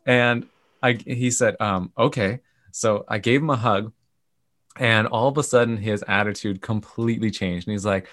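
A man, a camp organization's CEO, telling animated stories in a podcast interview and acting out the people in them. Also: on the low side, normal speed, dry recording, studio quality. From Canada. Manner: animated retelling with quoted voices.

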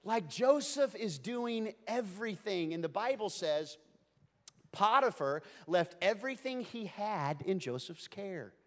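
A man's voice: high voice, lively intonation, unhurried. A man preaching a sermon in a conversational, joking style that swings between playful asides and earnest points. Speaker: pastor.

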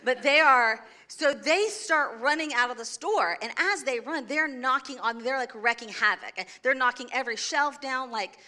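A woman in her forties tells a story to a listener in a high, bright voice, animated and conversational. She gets lively, laughs, and sometimes acts out her own shouting, speaking at a normal speed with few pauses.

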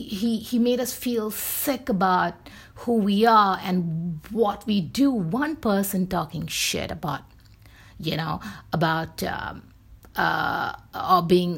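A woman's voice: fairly low pitch, creaky, husky. A woman talking casually and bluntly in a rambling opinion monologue, with frequent fillers and restarts.

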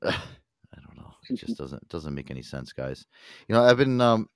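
A man with a lowish voice hosts a podcast, chatting in a loose, rambling way. He swears freely and fills gaps with likes and ums, recorded dry and close. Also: big pitch swings, moderate pace, smooth, no room sound. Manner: rambling, profane, many fillers. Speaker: podcast host. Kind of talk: casual chat.

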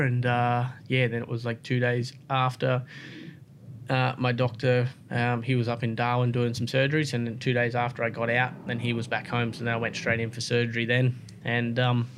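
A man's voice: medium pitch, little pitch movement, normal speed, background noise. An Australian man, a racer guest, telling his story in casual interview chat with lots of fillers and restarts. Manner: rambling, many fillers and restarts.

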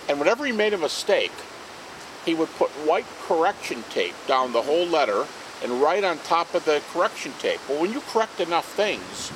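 A man speaking as a guest at an outdoor garden party, telling anecdotes in an animated way. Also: a little high, noisy background. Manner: animated, acts out quoted speech. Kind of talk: anecdotal storytelling to a small group.

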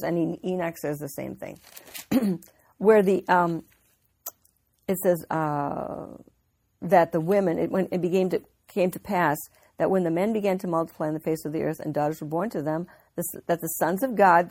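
A woman's voice: fairly low pitch, a little mellow, no echo. A woman giving an informal Bible teaching, telling the story earnestly with frequent restarts.

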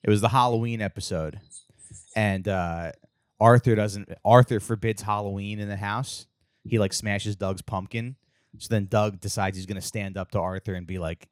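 Low-voiced rambling man, dry sound. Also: fairly even intonation, moderate pace, no echo. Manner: rambling storyteller, many fillers and restarts; acts out character lines in raised voices. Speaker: podcast co-host. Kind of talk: casual chat.

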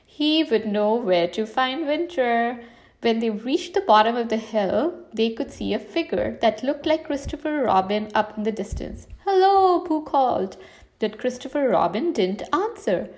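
A woman reading a children's storybook aloud, telling it gently and lifting into brighter voices for the characters. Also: fairly high pitch, lively intonation, measured pace. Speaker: storybook reader.

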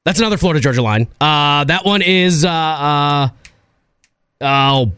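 A man co-hosting a morning radio show, excitable and animated, thinking out loud as he guesses. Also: on the high side, unhurried, clear, resonant tone, dry recording. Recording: music bed under the voice.

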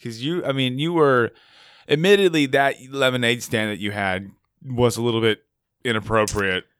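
A man's voice: medium pitch, normal speed, fairly bright tone, clear, resonant tone, no echo. A man in casual podcast chat, joking around and swearing, slipping into put-on voices. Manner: jokey, puts on voices for bits, swears.

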